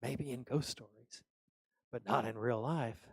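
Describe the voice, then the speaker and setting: A man voicing an exasperated Roman governor who shouts in disbelief and scorn. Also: medium pitch, steady tone, unhurried, vocal fry, breathy edge, no room sound. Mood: scoffing. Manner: loud, incredulous outbursts.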